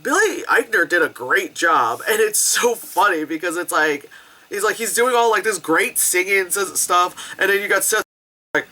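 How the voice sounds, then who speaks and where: At a medium pitch and moderate pace, this thirtysomething film reviewer sounds animated, bright and forceful. It's a casual rant-style review, chatty and laced with swearing, fillers and snatches of mock voices.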